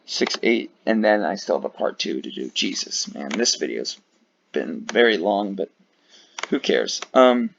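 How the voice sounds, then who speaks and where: Gravelly, tired man rambling casually. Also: fairly low pitch, big pitch swings, a little slow, a bit bright, slight background noise. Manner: rambling, profane, many fillers. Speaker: video creator ranking flags. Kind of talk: casual commentary. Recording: dull lo-fi mic.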